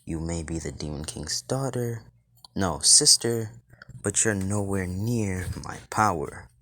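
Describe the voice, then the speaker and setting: A man voicing a calm, smugly overpowered young man who talks down to his enemies in a cool, dismissive tone. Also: deep voice, slow, no echo, heavily acted.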